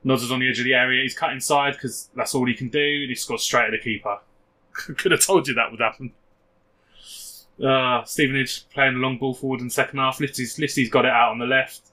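A man's voice: mid-range voice, fairly even intonation, fairly quick, bright, forceful tone. A man co-hosting a football podcast, chatting casually and doing joking match commentary. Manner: laddish, self-mocking. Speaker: podcast co-host.

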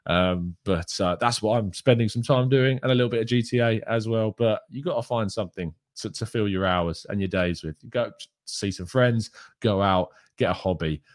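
A man hosting a football show from home, reading viewer questions and talking in a subdued, low register with plenty of casual fillers. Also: moderate pace, no room sound, clean studio sound. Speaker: football podcast host. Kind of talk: live-stream chat about football, reading viewer questions.

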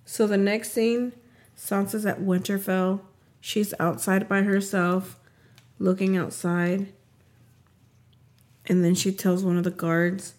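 A woman talks through a story in a relaxed, unhurried way, drawing her words out. She acts out each character's lines as she goes. Her pitch sits in an ordinary middle range. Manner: animated retelling, acts out quotes. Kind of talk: casual podcast recap.

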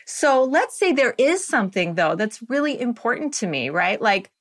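Brief: woman in her fifties, coaching guest, lively and chatty, tags lines with "right?". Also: on the high side, normal speed. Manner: animated, laughs often, says "right?" a lot. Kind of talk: conversational interview.

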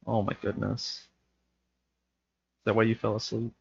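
A man's voice: on the low side, monotone, takes it slowly, creaky, darkish tone, slightly rough, dull audio. A man co-hosting a podcast, chatting casually and acting out movie scenes in funny voices. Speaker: podcast co-host. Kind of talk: casual chat about a bad movie.

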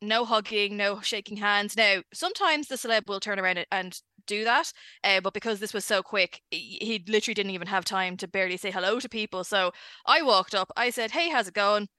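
An Irish woman, an editor, chatting casually as a guest and telling lively stories with frequent laughs. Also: mid-range voice, a little fast, no room sound. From Ireland. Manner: chatty storyteller, laughs often. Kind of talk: casual chat.

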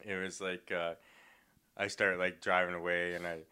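Brief: young male comedian telling a rambling story, bright and clear voice. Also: low-pitched, flat delivery, moderate pace. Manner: rambling, filler-heavy, laughing often. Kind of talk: casual storytelling.

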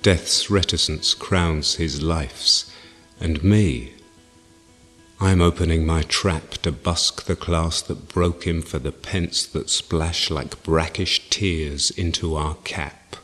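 Male reader, very deep, slow measured recitation, reverberant with faint guitar. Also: steady tone, a bit bright. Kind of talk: slow poetry reading.

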